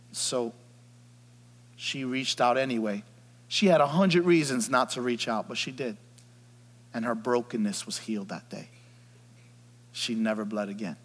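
Dynamic preacher man in a reverberant church. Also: medium pitch. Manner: dynamic preaching, drops to near whispers then builds to loud shouts. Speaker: pastor. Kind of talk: Easter sermon. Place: church sanctuary. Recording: long hall reverb.

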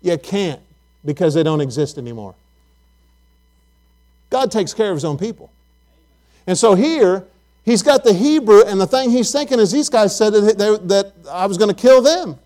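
A man's voice: high-pitched, lively intonation, normal speed, long pauses, darkish tone. A man preaching a Bible lesson, asking his listeners questions and often repeating words as he goes.

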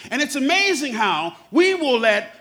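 Man preaching, high voice that swings all over, jokey and animated. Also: moderate pace. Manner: animated, humorous, acts out quotes. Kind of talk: sermon.

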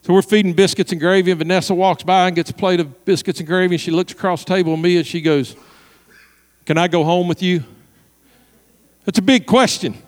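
Male pastor, high voice, storytelling sermon, long reverb of a large hall; lively, with quiet hushed moments. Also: fast talker, few pauses. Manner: animated storyteller, drops to soft hushed tones.

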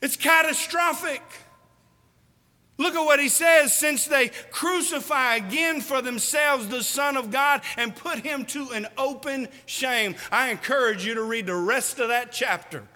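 A man's voice: very high voice, unhurried, pushed and bright. A man preaching a sermon, emphatic and folksy, firing questions at the congregation. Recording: reverberant hall.

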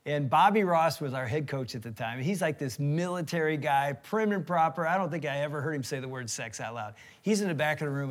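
A man's voice: on the high side, brisk, few pauses. A middle-aged man co-hosting a marriage talk, telling a funny story as a former team chaplain. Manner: animated, jokey storyteller.

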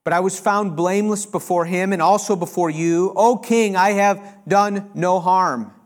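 A man voicing a faithful, steadfast prophet in a scripture retelling, declaring his words slowly and solemnly. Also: high-pitched, close to an everyday voice. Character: faithful old male prophet, calm and steadfast.

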